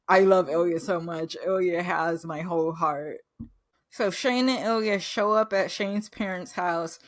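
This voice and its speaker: A woman's voice: medium pitch, no echo. A woman host gushing through a casual recap review, losing her words and acting out quoted lines.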